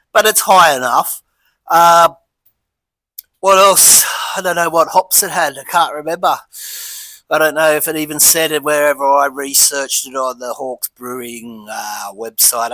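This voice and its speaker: A man's voice: on the high side, bright, forceful tone, no echo, poor audio. An Australian man casually reviewing a beer and rambling through a story, chatty and easygoing.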